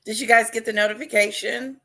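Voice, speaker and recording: A woman hosting a casual livestream chat, talking loudly and excitedly and greeting viewers by name. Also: on the high side, fairly quick. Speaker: livestream host.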